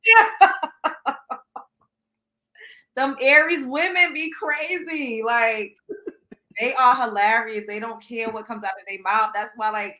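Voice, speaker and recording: A young woman hosting a casual podcast chat, animated, laughing often and swearing casually. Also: on the high side, slow pace, pauses often, low-quality recording. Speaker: podcast host.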